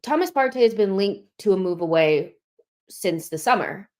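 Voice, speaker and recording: A young woman hosts a live football fan stream, chatting casually and sounding a little out of breath as she reads viewer comments. Her medium-pitched voice has lively intonation and a darkish tone, at a moderate pace.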